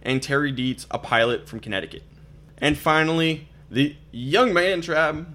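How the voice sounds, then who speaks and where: A man's voice: fairly high pitch, moderate pace, sharp tone. A young man, hosting a casual podcast and rambling with lots of fillers. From Minnesota. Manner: chatty, rambling, many fillers and restarts. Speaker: podcast host.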